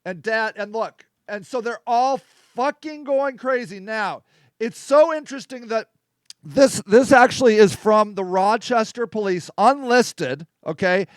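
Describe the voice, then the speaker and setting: A man's voice: sits high, unhurried, clear, resonant tone, no echo, studio quality. A man angrily commenting over a video in an emphatic, profane way.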